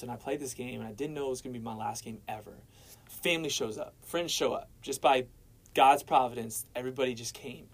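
A man's voice: medium pitch, low-quality recording. A young man sharing his personal faith testimony as a guest, telling it casually and dropping "man" and "bro" along the way. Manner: casual, storytelling, peppers speech with "man" and "bro".

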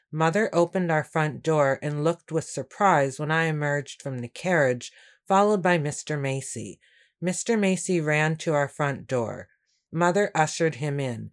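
A woman reading a first-person story aloud in a steady, measured way. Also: low voice. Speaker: audiobook narrator. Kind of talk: first-person scripted narration.

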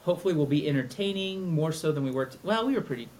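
A man's voice: fairly high pitch, expressive, racing, a little mellow. Brief: middle-aged man, podcast co-host, rambling and jokey, faint noise behind. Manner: joking, rambling. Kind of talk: casual chat.

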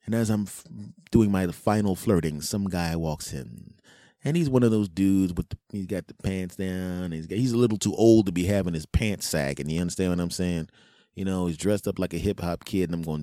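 A man's voice: low voice, normal speed, mellow, dry recording, studio quality. A man hosting a podcast, telling a rambling comic story and repeating himself for laughs. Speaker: podcast host.

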